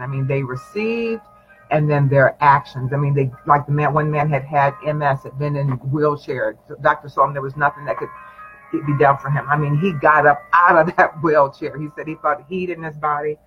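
A man, a pastor, preaching encouragement in a prayer session with emphatic affirmations. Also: on the high side. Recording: dull lo-fi sound with faint music.

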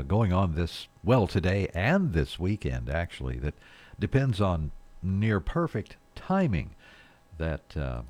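A man's voice: deep voice, a little mellow, dry recording. A middle-aged man hosting a morning radio show, chatting casually in a rambling, folksy way with frequent chuckles. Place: radio studio.

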